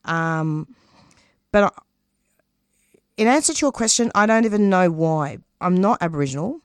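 A low-voiced woman speaks with earnest, passionate conviction, halting and restarting as she searches for words. Her voice sits deep for a woman. The sound is close and dry. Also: expressive, clear, resonant tone, dry recording. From Australia. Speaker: radio producer and host, interview guest. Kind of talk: casual interview talk.

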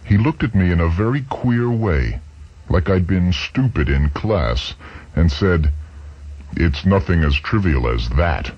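A man's voice: deep voice, animated, a little slow, husky, no echo, full character voice. A man voicing an anxious young male engineer who speaks urgently, in a dull lo-fi recording. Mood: uneasy. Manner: urgent, worried.

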